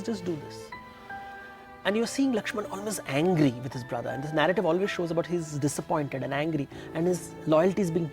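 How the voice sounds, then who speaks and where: A man with an Indian English accent, a mythologist explaining old stories with rhetorical questions and quoted dialogue. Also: a little high. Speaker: mythologist guest. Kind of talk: explaining and retelling myths.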